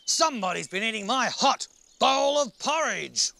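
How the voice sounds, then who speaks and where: A woman voicing a big, gruff papa bear in a children's TV story. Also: a little high, lively intonation, moderate pace, pushed and bright, full character voice.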